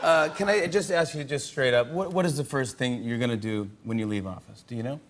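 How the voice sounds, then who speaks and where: Excitable talk show host, stumbling laugher. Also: male voice, medium pitch, brisk, slight background noise. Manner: excited and self-mocking, stumbling over words and laughing. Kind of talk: casual chat, telling a story to a guest. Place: TV studio.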